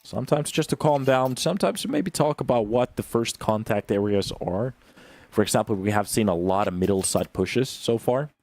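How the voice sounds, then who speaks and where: A young man giving live play-by-play commentary on an esports match, swinging from calm analysis to loud bursts of excitement. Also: normal speed, no room sound. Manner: calm analysis that jumps to loud, high-pitched excitement on big plays. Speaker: esports caster.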